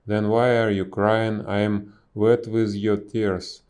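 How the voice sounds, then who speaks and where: A man's voice: fairly low pitch, little pitch movement, takes it slowly, darkish tone, smooth. A man reading a storybook aloud, voicing a small, tired, cautious male bird. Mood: musing.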